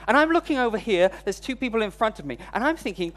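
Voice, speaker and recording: A man's voice: high-pitched, big pitch swings, fast, few pauses. A man preaching a sermon, telling a personal story in a candid, self-deprecating way. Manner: storytelling, voice rising when recounting frustration.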